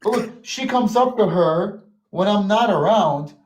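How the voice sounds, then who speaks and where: A man's voice: sits high, unhurried, distant mic. A man from the United States, a podcast guest, telling stories casually and acting out what other people said. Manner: animated, acts out other people's lines in quotes. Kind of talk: casual storytelling. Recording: echoey room.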